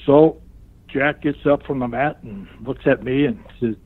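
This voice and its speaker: An older man, a wrestling guest, tells a lively story in a casual interview, acting out what other people said and laughing often. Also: mid-range voice, measured pace, dry recording. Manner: animated storyteller who acts out the other people's lines. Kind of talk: casual anecdote in a remote interview. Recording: tinny phone-like line.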